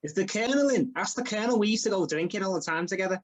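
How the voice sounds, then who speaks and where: A man voicing a cheeky Scouse man ordering fast food, chummy and cocky, calling everyone mate. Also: high-pitched, lively intonation, pitched above the performer's own voice. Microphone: video call.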